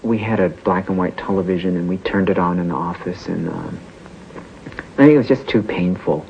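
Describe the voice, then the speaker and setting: A man with a low voice recalls events in a documentary interview, halting and pained, with many fillers. The recording is dull and lo-fi. Faint ambience sits behind him. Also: gravelly, a little mellow, a little hiss or hum.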